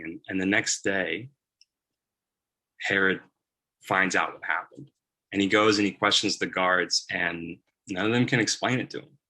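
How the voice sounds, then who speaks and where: Low bright-voiced male preacher storytelling. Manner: casual storytelling with many fillers. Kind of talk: first-person narrative sermon.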